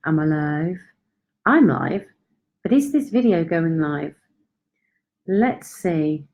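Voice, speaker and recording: A woman's voice: medium pitch, big pitch swings, very slow, long pauses. A woman hosting a casual live stream from home on her phone, chatty and a little self-deprecating. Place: at home, in York.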